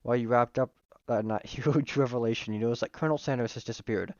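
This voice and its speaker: A man's voice: mid-range voice, fairly even intonation, fast, darkish tone, no room sound, highs cut off. A man streaming himself playing a visual novel, reading the text aloud with playful, joking asides.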